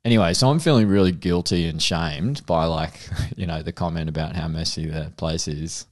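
A man's voice: deep voice, moderate pace. A man co-hosting a podcast, telling a story in a casual chat and laughing often. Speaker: podcast co-host.

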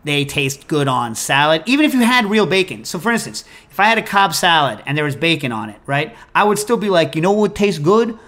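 A man hosting a food call-in show, chatting casually and answering listener questions in an opinionated, animated, digressive way. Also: a little high, fairly quick, few pauses.

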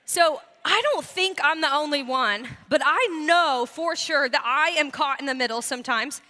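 A woman pastor giving a sermon, telling animated, self-deprecating stories to her congregation. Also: sits high, moderate pace, in a large hall. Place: church sanctuary.

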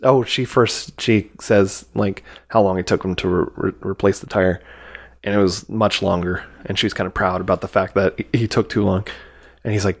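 A man co-hosting a film review podcast, chatting casually and retelling scenes with quick acted-out quotes. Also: low voice, fairly even intonation, gravelly. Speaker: podcast co-host. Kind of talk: casual movie review chat.

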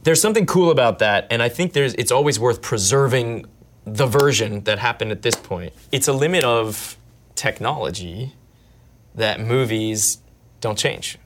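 A man, an actor, answering interview questions in an animated, thoughtful way that often restarts mid-thought. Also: medium pitch, normal speed, slight background noise. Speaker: actor guest. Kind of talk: conversational interview.

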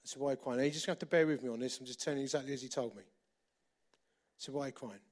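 A middle-aged man preaching a sermon, repeating phrases for emphasis and moving between loud and hushed delivery. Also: mid-range voice, fast talker. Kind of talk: sermon with storytelling.

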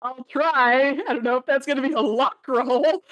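Slightly high-voiced woman, giggly, playing a tabletop game with friends. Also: moderate pace, a bit bright. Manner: giggly, laughs often. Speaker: player. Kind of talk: casual tabletop role-play.

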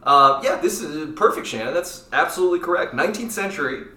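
Lively, bright-voiced male podcast host. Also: on the high side, recorded from a distance. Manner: playful, jokey, quick asides. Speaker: podcast host running a quiz game. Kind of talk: casual chat. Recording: echoey room, off-mic.

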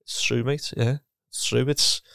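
A middle-aged man reminisces about his playing days. His voice has a gravelly edge, and he keeps repeating words and restarting his sentences. The sound is dry and close, with no room around it. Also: medium pitch, steady tone, measured pace, pushed and bright, no room sound. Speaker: former footballer and coach, guest. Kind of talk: casual chat.

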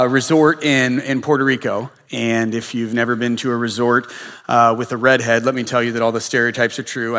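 A man's voice: medium pitch, bright, forceful tone. A male pastor giving a sermon in a casual storytelling way, with frequent filler uhs. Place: church sanctuary. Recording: long reverb of a church hall.

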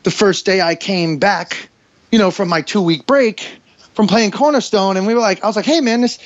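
This podcast guest, a man in his 40s with a New York accent, chats in a loose, rambling, easygoing style. He has a high voice and a moderate pace, with no room sound in the dull, dry, lo-fi audio.

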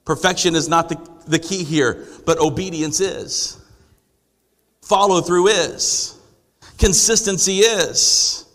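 A man's voice: on the high side, takes it slowly, fairly bright tone. A man preaching a sermon to a congregation, asking rhetorical questions and building to emphatic declarations. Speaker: pastor. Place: church sanctuary. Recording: long hall reverb.

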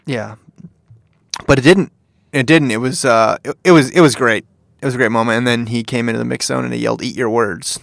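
A man's voice: mid-range voice, steady tone, brisk, gravelly, fairly bright tone, no room sound. A man hosting a casual sports chat, enthusiastic and laughing as he tells anecdotes.

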